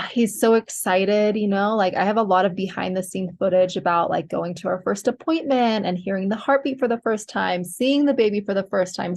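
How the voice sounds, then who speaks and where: Young woman, host, casual chatty delivery with gravelly fry, frequent fillers. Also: mid-range voice, darkish tone. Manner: chatty, many fillers, giggly. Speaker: podcast host sharing pregnancy updates. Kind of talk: casual chat to viewers.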